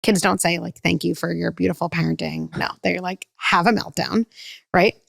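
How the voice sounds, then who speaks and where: A woman speaking as a parenting expert in a podcast conversation, talking quickly and acting out children and parents with lively shifts in her voice. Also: on the low side, creaky, no room sound, studio quality. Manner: fast, animated, acts out kids and parents with voice shifts.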